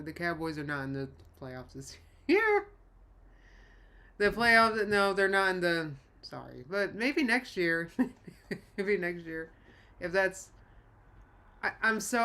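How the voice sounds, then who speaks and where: Woman, live-stream host, bright forceful voice, rambling, self-interrupting, chatty, laughs often. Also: fairly low pitch. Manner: chatty, laughs often, reads chat aloud. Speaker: livestream host. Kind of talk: casual live-stream chat.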